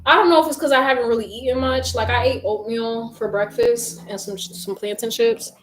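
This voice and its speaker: Breathless from making her bed, a young woman livestreams from her bedroom and talks casually with her viewers, using plenty of slang. She speaks briskly in a fairly high voice with fairly even intonation. There's faint noise and echo from the room.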